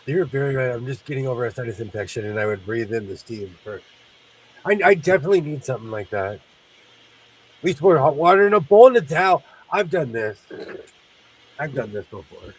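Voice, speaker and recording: A man's voice: mid-range voice, lively intonation, fairly quick, breathy edge, far from the mic, poor audio. A man hosting a sewing livestream, congested from sinus trouble, chatting in a rambling way and laughing often. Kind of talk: casual chat while sewing.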